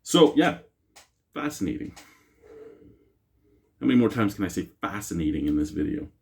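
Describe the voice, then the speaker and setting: Talking fast in a sing-song way, this man has a deep voice that's a little mellow and husky. He runs a casual beer review vlog, rambling cheerfully and joking about himself, recorded on a camera mic with no lapel mic.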